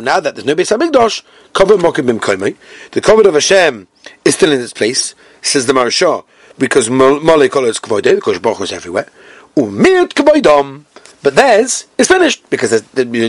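English male Talmud teacher, animated chanting delivery, dry close sound, slightly high voice. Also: dry recording. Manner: acts out quoted speakers in sing-song chant; mixes Hebrew and Yiddish terms into English. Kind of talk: Talmud class, reading and translating.

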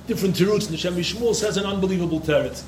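A man's voice: sits high, racing, a little hiss or hum. A man giving an impassioned Torah lecture to yeshiva students, repeating phrases for emphasis. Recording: echoey room.

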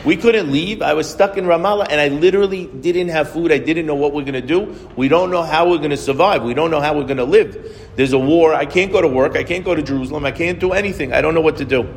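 A man's voice: fairly high pitch, fast, long reverb tail, a little hiss or hum, voice pushed up, lightly acted. A man voicing a grateful middle-aged immigrant man who recalls hard wartime in an urgent, repetitive lament.

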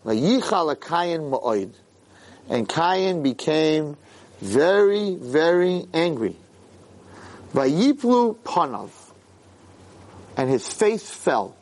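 A man teaching a Torah lesson in an animated way, acting out quotes and repeating words for emphasis. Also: on the high side, drawn-out words, pauses often. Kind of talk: Torah lecture.

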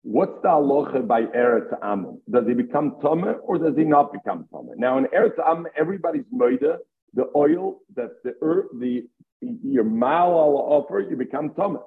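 A man's voice: on the high side, expressive, moderate pace. Man teaching Talmud over a tinny line. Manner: explains step by step, mixing English with Hebrew and Aramaic terms. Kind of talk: Talmud lesson. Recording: tinny phone-line audio.

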